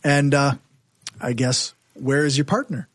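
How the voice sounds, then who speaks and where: A man's voice: mid-range voice, a little slow, fairly bright tone. A man hosting a podcast, introducing the panel and the guest, laughing often. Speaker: podcast host. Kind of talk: casual chat.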